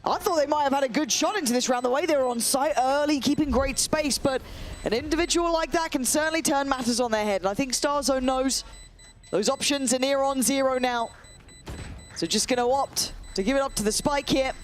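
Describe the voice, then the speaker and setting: A man casting an esports match live, fast and excitable, shouting on big plays, his voice going hoarse. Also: extremely high pitch, a little hiss or hum. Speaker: play-by-play esports caster. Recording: loud game music behind.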